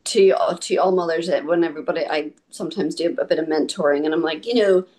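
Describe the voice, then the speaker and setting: Irish woman, middle-aged, guest in casual chat, lively storyteller. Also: quick pace. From Ireland. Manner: animated storyteller, acts out quotes with high pitch swings. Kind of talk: casual conversation.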